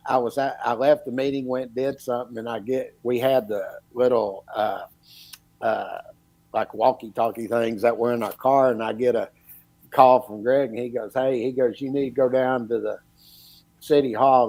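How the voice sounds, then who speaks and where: A middle-aged man tells a long story in casual chat, quoting everyone along the way. His voice sits at an ordinary pitch. The sound is dry and close. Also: darkish tone, no room sound, rough recording. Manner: folksy, retells dialogue with repeated "he goes" and "I said". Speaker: podcast guest, former electrical inspector.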